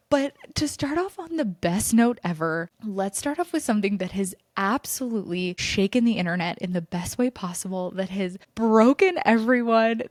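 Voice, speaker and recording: A young woman hosting a pop culture podcast, gushing with breathless, fast enthusiasm about the latest news. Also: medium pitch, dry recording, studio quality. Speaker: podcast host.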